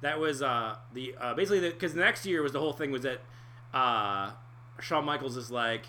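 A man's voice: mid-range voice, a little fast, sharp tone, a little hiss or hum. A man in a casual podcast chat who explains things in a rambling way, full of restarts, and swears casually.

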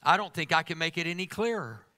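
A man's voice: a little high, expressive, fast talker, sharp tone. A middle-aged man preaching a sermon to a congregation, emphatic and humorous, teasing his listeners.

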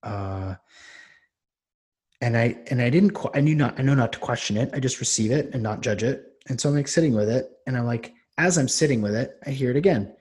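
A man's voice: medium pitch, brisk, darkish tone. A man, a podcast host and coach, telling a personal story in a loose, rambling way with many restarts. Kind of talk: casual storytelling.

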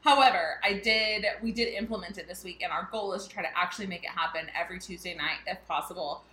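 Podcast co-host, woman, 30s, chatty storyteller, bright tone, echoey room. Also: lowish voice, fast talker. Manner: chatty storyteller, laughs often. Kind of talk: casual chat.

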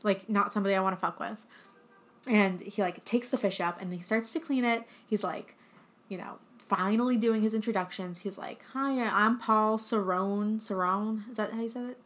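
A young woman co-hosts a podcast in relaxed, chatty conversation. Her voice sits in the middle range, and she talks sarcastically with lots of "like" and filler. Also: medium pitch, a little fast. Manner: chatty, sarcastic, full of 'like' and acted-out quotes. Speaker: podcast co-host. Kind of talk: casual chat, recapping a film.

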